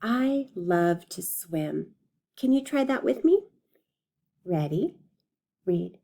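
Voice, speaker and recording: A woman teacher leading a phonics lesson for young children, slowly modeling and stretching words and encouraging them. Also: lowish voice, animated, gravelly, warm tone.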